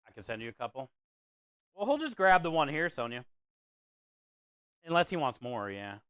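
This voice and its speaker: In a smooth, dry, studio-quality recording, a man with a medium, fairly bright voice talks at a moderate pace, his pitch swinging widely. He's a friendly, easygoing live cooking streamer in a kitchen or food truck who reads out viewer comments and calls his audience "bro" and "dude."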